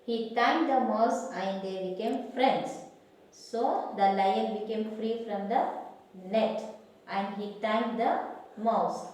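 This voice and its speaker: A woman slowly telling a children's story, halting and correcting herself as she goes. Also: mid-range voice, a little mellow. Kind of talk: slow storytelling with pointing and retelling. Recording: echoey room from far off.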